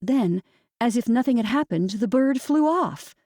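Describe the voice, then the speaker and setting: A woman narrating a novel as an audiobook reader, in a gentle, measured storytelling manner. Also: fairly high pitch, lively intonation, dry recording, clean studio sound. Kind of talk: scripted narration.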